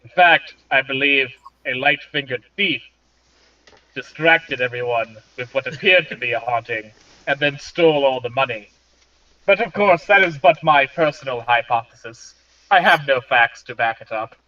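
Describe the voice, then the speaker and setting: A man's voice: medium pitch, normal speed, bright, forceful tone, muffled recording, lightly acted. A man voicing a courteous male knight who speaks in stiff, formal phrasing.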